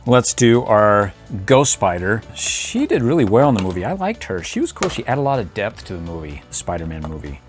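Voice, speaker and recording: A middle-aged man hosting a casual toy review, playful and chuckling, making little sound effects as he poses figures. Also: medium pitch. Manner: playful, chuckling, makes sound effects while posing toys.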